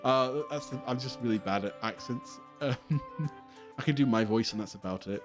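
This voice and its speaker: A man's voice: medium pitch, moderate pace. A man streaming a video game, commenting casually, rambling and laughing often over game music. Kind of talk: casual let's play commentary.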